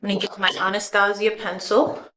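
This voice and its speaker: A middle-aged woman talks through her makeup routine in a relaxed, conversational way. Her voice sits at a medium pitch, and she narrates each step plainly, sometimes sinking into a soft murmur while she blends. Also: brisk, a little hiss or hum. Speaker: celebrity giving a makeup tutorial. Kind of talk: casual makeup tutorial talk.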